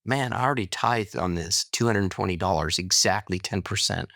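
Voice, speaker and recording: A man's voice: low voice, normal speed, no room sound, clean studio sound. A middle-aged man, a podcast guest, telling a personal story casually and acting out the dialogue. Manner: animated storyteller, acts out quoted dialogue.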